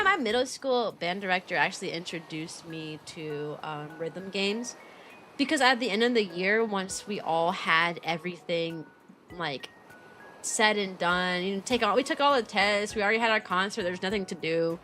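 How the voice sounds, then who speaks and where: A young woman chatting casually on a livestream, bubbly and animated, laughing often as she reads viewer messages aloud. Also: medium pitch, moderate pace, soft background music. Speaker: VTuber streamer and kindergarten teacher.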